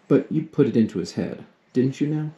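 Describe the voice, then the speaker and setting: A man voicing a lively, frank teenage girl, eager and a little awkward, as he reads a storybook aloud. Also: mid-range voice, a little fast, lo-fi sound, pitched above the performer's own voice, lightly acted. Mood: friendly.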